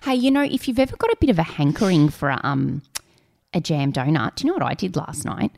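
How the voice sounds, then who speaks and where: A frank, self-deprecating woman in her thirties chats casually on a podcast. Her voice is low, with a gravelly fry running through it. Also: expressive, fast talker, a little mellow. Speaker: podcast co-host. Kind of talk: casual chat.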